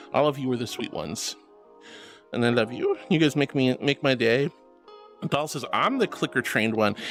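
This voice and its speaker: A VTuber streamer in casual live-stream chat, gushing over viewers and calling them sweetie and honey, often breaking into giggles. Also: medium pitch.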